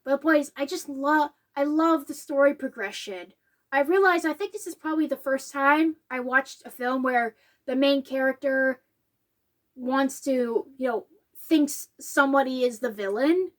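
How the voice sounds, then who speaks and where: A woman giving a casual, emotional reflection on a film. She talks animatedly and gets choked up. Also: unhurried. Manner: animated, acts out quotes in a higher voice. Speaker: video essayist.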